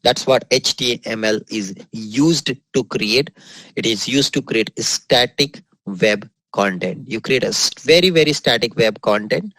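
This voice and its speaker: A man with an Indian English accent teaching a coding lesson over his screen, upbeat, sprinkling in words of praise and repeating the key points slowly. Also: mid-range voice, bright, forceful tone, no room sound, rough recording. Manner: upbeat, drops frequent exclamations of praise. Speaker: software trainer. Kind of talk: screen-recorded coding tutorial.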